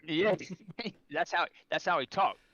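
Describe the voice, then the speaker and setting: A man's voice: fairly high pitch, lively intonation, measured pace, fairly bright tone, dry recording, lo-fi sound. A young man, a serving soldier, rambling through a story as a podcast guest, full of restarts and acted-out quotes. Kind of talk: casual storytelling over beers.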